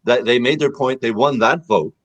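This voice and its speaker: A man on a political panel, analyzing a vote in a measured way. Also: medium pitch, fairly bright tone, no room sound.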